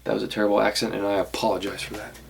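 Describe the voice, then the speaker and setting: A man's voice: fairly low pitch, flat delivery, rapid-fire, creaky, slight background noise. A young man vlogging casually to camera, rambling a little and correcting himself as he shows off his haul. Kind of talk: casual vlog talk to camera.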